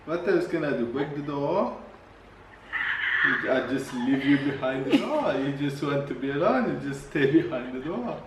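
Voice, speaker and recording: A man speaks casually at home, teasing and laughing while repeating his words. His voice is fairly high for a man and comes from some distance off the mic. The echoey room carries clear background noise. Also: animated. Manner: teasing, laughing, halting repetitions. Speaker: husband in family vlog. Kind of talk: casual conversation.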